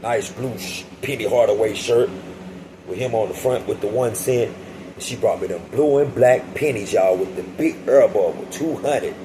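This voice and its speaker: A man's voice: lowish voice, normal speed, noisy background. A young adult man telling a casual storytime vlog, slangy and profane, often addressing his listeners directly. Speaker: vlogger telling a prison story.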